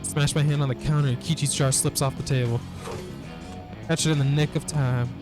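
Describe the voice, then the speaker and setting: Over guitar music in the background, a male streamer reads a narrative game's text aloud, laughing and swearing frequently as he reacts. His voice is a little high, fairly even in intonation, and fairly quick.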